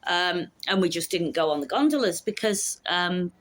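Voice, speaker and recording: A woman in her fifties with a notably low voice talks casually to camera. She is chatty and blunt and swears freely as she recounts her week. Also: expressive, normal speed, few pauses. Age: 50s. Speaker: vlogger. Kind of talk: casual chat.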